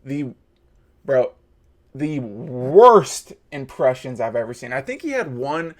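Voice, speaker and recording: A man's voice: mid-range voice, very animated, takes it slowly. A man in his thirties hosting a reaction video, ranting in a heated, mocking way. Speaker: host. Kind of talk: reaction commentary.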